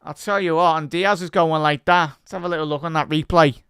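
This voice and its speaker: A man hosting a live football watch-along, giving excitable fan commentary and chatting with viewers. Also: a little high, brisk, clean tone, no echo, studio quality.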